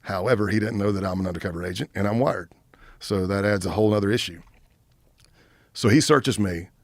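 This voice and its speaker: Low-voiced man telling a tense story. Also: a little fast, no room sound. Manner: animated storyteller, acts out quotes. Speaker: guest, retired FBI agent. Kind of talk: casual storytelling in podcast interview.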